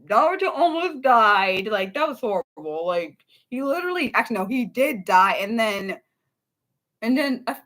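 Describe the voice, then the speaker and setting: Woman in her thirties, casual livestream host; excitable, profane, rambling, with sudden high-pitched outbursts. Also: normal speed. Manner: animated, swears freely, rambles with restarts. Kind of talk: casual unscripted livestream chat.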